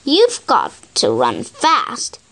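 Anxious storybook father, urgent and pleading, slow deliberate delivery read by a woman. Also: a little high, wildly swooping pitch, vocal fry, a bit bright, exaggerated voice. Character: anxious grown man with a sick son.

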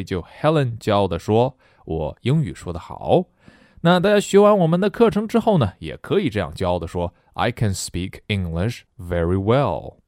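Male teacher, low and very animated, joking lesson style. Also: no echo, studio quality. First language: Chinese. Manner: playful, jokey, switches between languages. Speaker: English teacher. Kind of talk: lively English lesson with story reading.

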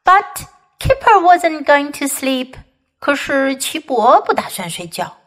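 A woman's voice: high voice, takes it slowly. A woman English teacher reading a children's picture book aloud, line by line in two languages, and talking to children directly. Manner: animated, addresses children directly. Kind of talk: bilingual storybook reading for children.

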